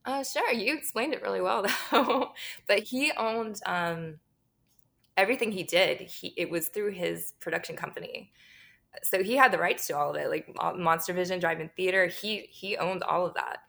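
Gravelly-voiced woman, candid and laughing. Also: fairly low pitch, normal speed, fairly bright tone. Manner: candid, laughs often, swears freely. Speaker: guest. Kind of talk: casual interview chat.

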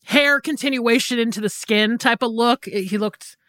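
Bright rambling woman co-host. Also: fairly high pitch, normal speed, no echo, studio quality. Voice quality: rambling, trailing-off sentences. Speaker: podcast co-host. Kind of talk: casual chat.

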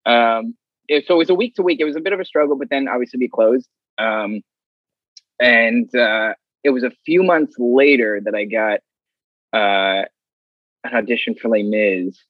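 Husky-voiced man telling stories. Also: medium pitch, moderate pace, no echo. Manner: animated, acts out others' lines. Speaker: guest. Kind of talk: casual storytelling. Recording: dull, slightly muffled audio.

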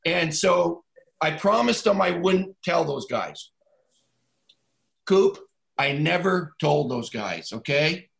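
A man's voice: fairly high pitch, lively intonation, slow pace, creaky, pauses often, fairly bright tone. A man in his sixties, a former football coach, telling a story in a casual podcast chat and acting out both sides of a phone call.

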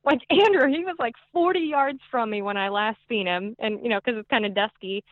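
A woman guest telling a hunting story in a podcast chat, excitable and quick, with many fillers. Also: on the high side, no room sound. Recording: tinny phone-like line, dry.

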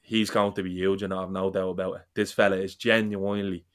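Passionate man with a flat low voice. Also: fast, clean tone. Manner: passionate, sweary, rambling. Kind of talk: casual football fan chat.

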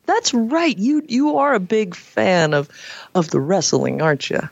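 A woman hosting a late-night call-in radio show, chatty and animated, with playful asides. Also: mid-range voice, measured pace, creaky, husky, no echo, lo-fi sound. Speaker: radio talk show host. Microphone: headset.

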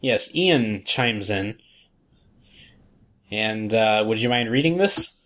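A man hosting a podcast in casual chat, relaxed and rambling with lots of fillers. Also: fairly low pitch, slow pace. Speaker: podcast host.

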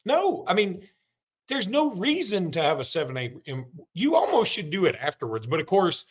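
A man's voice: sits high, huge pitch swings, normal speed, slightly rough. A man co-hosting a sports podcast in casual chat, joking and rambling as he talks. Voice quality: slightly muffled from a mint. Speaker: podcast co-host.

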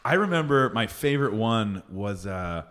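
A man's voice: on the low side, normal speed, a little hiss or hum. A man hosting a podcast in casual chat, telling stories animatedly and laughing often. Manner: laughs a lot, animated storytelling. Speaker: podcast host.

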